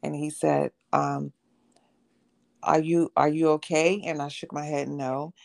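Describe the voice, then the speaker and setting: A woman's voice: deep voice, level tone, a little slow, creaky, darkish tone. A woman guest on a podcast, telling a personal story of faith and illness in conversation and acting out the voices of the people in it. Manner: storytelling, acts out quoted voices.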